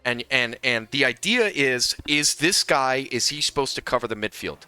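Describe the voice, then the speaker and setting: A man's voice: mid-range voice, lively intonation, moderate pace, sharp tone, smooth, no echo, faint music behind. Heated, profane young male game coach. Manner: heated, profane, repeats and restarts often. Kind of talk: casual gameplay breakdown.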